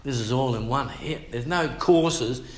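A man's voice: mid-range voice, unhurried, reverberant. An older man with an Australian accent, preaching a sermon as a pastor and telling his testimony in a colloquial, slangy, emphatic way. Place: church.

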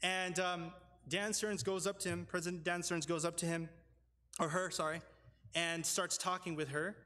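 A man's voice: high voice, flat delivery, sharp tone. Earnest young man preaching in a reverberant church. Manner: earnest, halting with many fillers and restarts. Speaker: pastor. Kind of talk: sermon storytelling. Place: church sanctuary. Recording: long church hall reverb.

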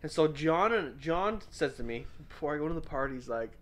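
A man's voice: on the high side, fairly quick. A young man hosting a podcast, telling a party story in casual chat and acting out the quotes. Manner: animated, swearing, acts out quotes. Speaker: podcast host.

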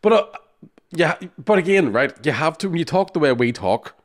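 A man's voice: on the high side, animated, normal speed. A man, co-hosting a podcast, telling sweary, jokey stories and laughing often. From Northern Ireland. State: jet lagged. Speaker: podcast co-host. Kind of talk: casual chat.

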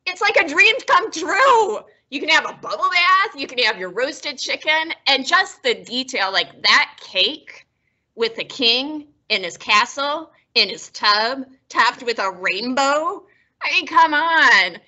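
A woman's voice: sits high, lively intonation, slow, pushed and bright. A woman librarian hosting a casual book talk, chatty and self-deprecating, often laughing. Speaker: librarian and host.

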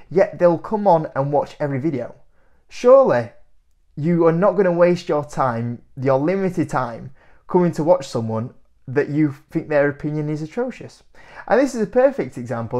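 A young man talking casually to camera as an investing YouTuber, animated and incredulous, laughing often as he reacts to comments. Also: fairly high pitch.

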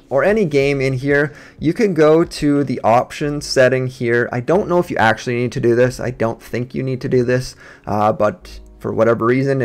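A man who streams games, casually talking a viewer through software settings step by step on a USB desk microphone. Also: mid-range voice, clean tone. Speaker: gaming streamer. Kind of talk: software setup tutorial.

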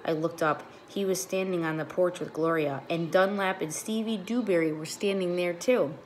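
Teacher reading to children: a woman with a low voice, clear and expressive, faint hum behind. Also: normal speed. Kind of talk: reading a children's book aloud.

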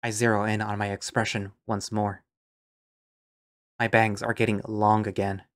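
A man's voice: fairly low pitch, flat delivery, moderate pace, a bit bright. A man narrating an audio drama in first person, musing and understated.

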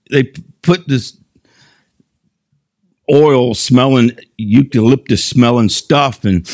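A man in his sixties preaching a sermon as a pastor, telling stories in an animated way and breaking into shouts. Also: mid-range voice. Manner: animated storytelling, bursts into shouts.

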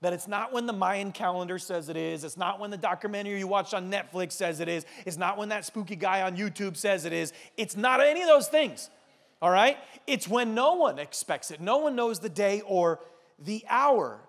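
A man in his thirties preaching a sermon as a pastor, urging his listeners with animated, earnest exhortation. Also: sits high, moderate pace. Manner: animated storytelling, urgent exhortation.

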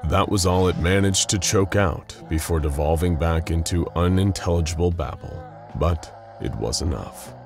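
A man's voice: low-pitched, moderate pace, creaky. A man narrating a scripted story with dramatic storyteller pacing. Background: faint music.

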